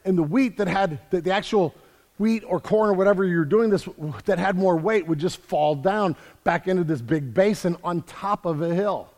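High-voiced pastor preaching in a reverberant hall. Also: male voice, normal speed. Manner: energetic, repeats words while building emphasis. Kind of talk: sermon.

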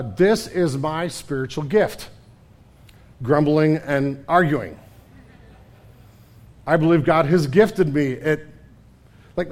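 High-voiced animated male preacher. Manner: animated, stammering restarts, swings from loud to hushed. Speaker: pastor. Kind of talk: sermon.

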